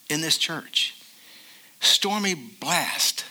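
An older man preaching a sermon as a pastor, emphatic, and slowing down to stress key phrases. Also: fairly high pitch, lively intonation, sharp tone.

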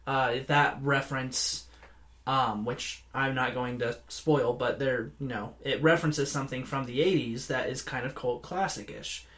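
A man's voice: mid-range voice, steady tone, a little slow, a bit bright. Male podcast host, teasing. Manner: laughing, teasing. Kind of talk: casual chat.

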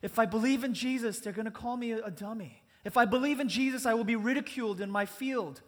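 A man's voice: extremely high pitch, fast, a bit bright. A man preaching a sermon as pastor, earnest and conversational, speaking in a church sanctuary. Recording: long church reverb.

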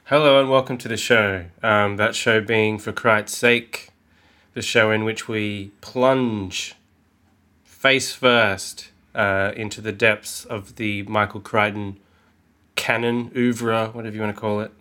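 A man's voice: on the low side, steady tone, takes it slowly, bright, forceful tone. Joking Australian man hosting a podcast. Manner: swears freely, jokey and self-mocking. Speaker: podcast co-host. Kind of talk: casual podcast chat.

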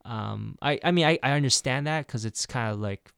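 A man talks casually at a middle pitch, telling rambling stories full of restarts and self-corrections. His voice is recorded close and dry, with no room sound. He slips into acted-out dialogue when he quotes people. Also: moderate pace, vocal fry, a bit bright, clear, resonant tone, dry recording. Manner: rambling storytelling, many restarts. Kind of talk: casual chat.

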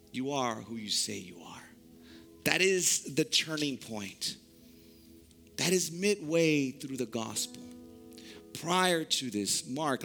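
A male pastor preaching in a slow, deliberate cadence, his voice sitting somewhat high for a man. He leans into dramatic pauses and stresses key words. Instrumental music plays clearly underneath him. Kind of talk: sermon.

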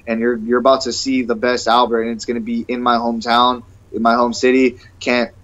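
Eager rambling young fighter, lo-fi sound. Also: male voice, medium pitch, flat delivery, fairly quick, fairly bright tone. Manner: eager, rambling, says "bro" and "man" a lot. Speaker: MMA fighter guest. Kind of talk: casual interview chat. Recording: dull lo-fi sound.

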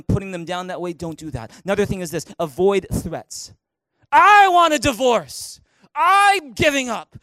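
A middle-aged man preaches in an animated way, his voice pitched high. The sound is close and dry, with little room echo. He bursts into loud acted-out quotes to make his points. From Canada. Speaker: pastor. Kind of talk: sermon. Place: church auditorium.

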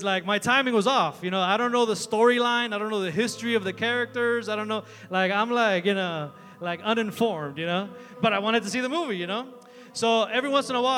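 High, bright-voiced man preaching in a hall. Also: brisk, soft background music. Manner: energetic, chatty storytelling with many fillers. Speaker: youth preacher. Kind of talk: sermon. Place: large hall with an audience.

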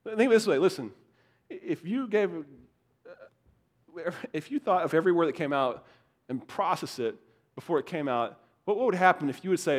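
High-voiced animated male preacher. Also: brisk. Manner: animated, repeats words, swings from loud to hushed. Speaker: pastor. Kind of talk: sermon.

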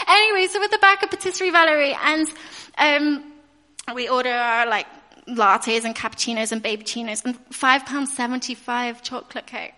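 A woman's voice: high-pitched, fairly quick, pushed and bright. A woman in her thirties with a British accent, telling a personal story in a chatty narrative-style sermon. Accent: British English. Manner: chatty storytelling, acting out her own asides. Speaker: guest preacher. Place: church hall. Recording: long reverb of a church hall.

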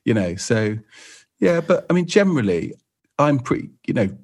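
A man's voice: medium pitch, big pitch swings, normal speed, darkish tone, slightly rough. A man, a photographer guest on a podcast, chatting in a rambling way with lots of fillers. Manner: rambling, lots of "you know". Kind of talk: casual podcast chat.

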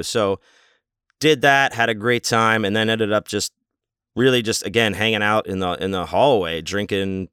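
A man's voice: low voice, fairly bright tone, clear, resonant tone, no room sound, studio quality. A man casually telling a rambling, amused story with lots of fillers and restarts.

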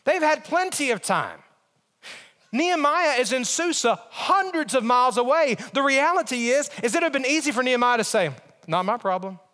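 Pastor guy preaching, kinda high voice, earnest w/ little jokes, big church echo. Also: lively intonation, bright, forceful tone. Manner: earnest preaching, with quick asides and humor. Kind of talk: sermon. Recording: echoey church hall.

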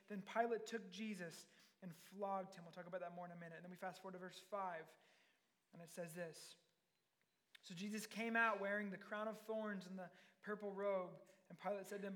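A man's voice: high-pitched, steady tone, fairly quick, fairly bright tone. A man preaching a sermon, reading scripture aloud and then explaining it with earnest, building intensity.

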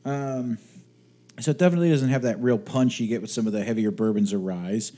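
A man's voice: mid-range voice, brisk, warm tone. A man co-hosting a podcast from his home studio, chatting casually, joking and swearing now and then. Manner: jokey, swears casually, chuckles often. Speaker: podcast co-host. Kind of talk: casual chat.

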